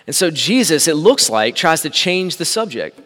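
A man pastor giving a conversational sermon, shifting between loud emphasis and quiet asides. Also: a little high, very animated, normal speed. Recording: long echo of a large hall.

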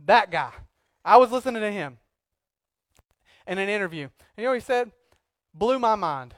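High-voiced man preaching from a pulpit. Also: animated, normal speed, no room sound, clean studio sound. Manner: swings from quiet asides to loud emphatic outbursts; joking, conversational preaching. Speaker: pastor. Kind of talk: sermon. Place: church pulpit.

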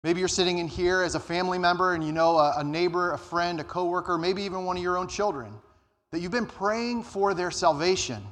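A man preaching a sermon as pastor, earnest, rising and slowing down to stress his points. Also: fairly bright tone. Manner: earnest, rises in pitch and slows down for emphasis. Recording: church hall reverb.

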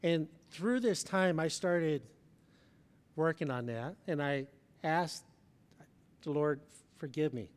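A middle-aged man preaching a sermon, telling a personal story with swings between loud emphasis and soft, hushed moments. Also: fairly high pitch, slow, long pauses, smooth, long reverb tail. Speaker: pastor. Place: large church hall.

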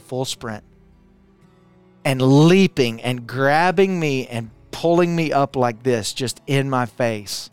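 A man's voice: medium pitch, clear, resonant tone. Intense man telling a personal testimony. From Arkansas, US. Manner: intense, builds with repetition, drops quiet for emphasis. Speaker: speaker sharing a personal testimony. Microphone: camera, speaking to it.

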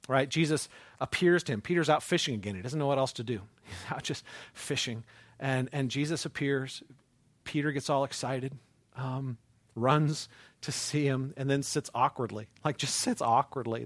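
Male pastor, preaching, somewhat high voice, dry close sound, animated storytelling. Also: dry recording. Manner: animated storytelling, swings from loud to hushed. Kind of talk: sermon.

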